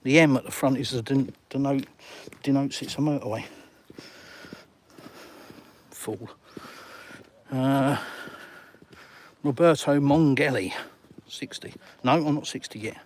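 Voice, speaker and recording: A middle-aged Englishman walks along a seafront during a casual live stream, reading viewer comments aloud and firing back at them bluntly and sarcastically. He speaks slowly in a medium-pitched voice, leaving long pauses.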